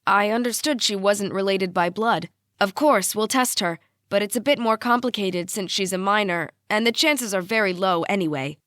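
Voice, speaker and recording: A woman's voice: mid-range voice, moderate pace, a bit bright, no room sound, studio quality, natural voice. A woman reading a cool, collected doctor. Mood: calm. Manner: collected, matter-of-fact. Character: calm, collected male doctor.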